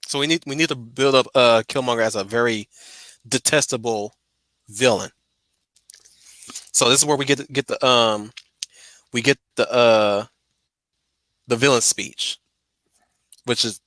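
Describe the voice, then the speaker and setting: A man's voice: medium pitch, a little slow, pauses often, a bit bright, no echo. A man hosting a casual stream discussion, talking in stumbling restarts and repeated words. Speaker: host.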